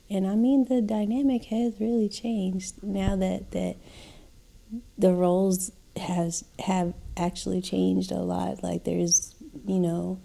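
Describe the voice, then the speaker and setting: Gravelly dark-voiced woman co-hosting a podcast. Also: on the low side. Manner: hesitant, many fillers, soft-spoken. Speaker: podcast co-host. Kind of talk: casual chat.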